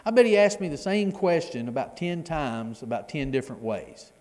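A man's voice: fairly high pitch, lively intonation, moderate pace, a little mellow, long reverb tail. A middle-aged man teaching a Bible class in a conversational way, often repeating his words as he explains the reading. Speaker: preacher.

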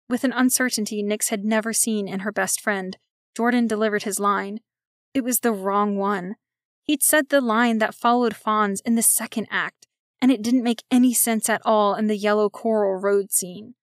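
A woman reading a children's story aloud, giving steady, expressive narration. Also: medium pitch, no room sound, studio quality.

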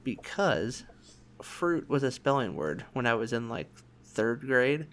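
A man's voice: medium pitch, sing-song, unhurried, a bit bright. A man co-hosting a casual podcast, chatting and telling childhood stories with acted-out quotes. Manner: chatty storyteller, acts out quoted voices. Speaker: podcast co-host. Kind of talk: casual chat.

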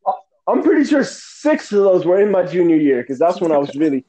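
A man's voice: high voice, big pitch swings, brisk, dark tone, rough recording. A young man in casual chat with friends, laughing and teasing in loose slang. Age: young adult.

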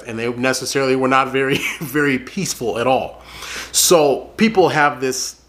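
A man's voice: medium pitch, fairly bright tone. A man giving earnest spoken commentary to his viewers, repeating phrases for emphasis and calling them folks. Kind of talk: casual spoken commentary to camera.

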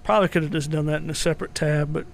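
A young man with a fairly high voice chats casually as a show co-host. He swears a lot, laughs often and jokes around. His talk stays loose and offhand. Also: fairly even intonation, rapid-fire, vocal fry, crowd noise. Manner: profane, laughing, joking. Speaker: podcast co-host. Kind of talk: casual chat.

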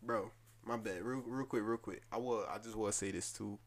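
A young man co-hosting a podcast, telling food stories in animated slang with mock emotion. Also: on the low side, a little fast. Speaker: podcast co-host. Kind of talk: casual chat.

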